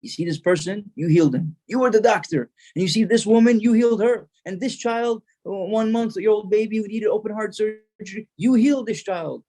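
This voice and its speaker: A man's voice: sits high, brisk, mellow, pitched above the performer's own voice. A man voicing God, who speaks with loving authority and declares each point emphatically. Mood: declaring.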